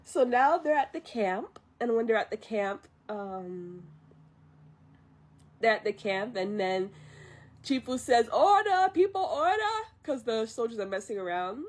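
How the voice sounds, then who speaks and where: A woman's voice: mid-range voice, a little slow, a little mellow. A young woman streamer casually retelling a film from memory, rambling, unsure and often correcting herself. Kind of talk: casual livestream storytelling.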